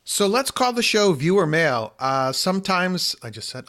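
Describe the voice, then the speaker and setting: A man's voice: high voice, sing-song, normal speed, bright, forceful tone. A man hosting a solo podcast in casual, chatty talk, self-deprecating and full of ums, speaking into a microphone at his desk. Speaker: podcast host. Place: home desk with computer. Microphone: studio microphone.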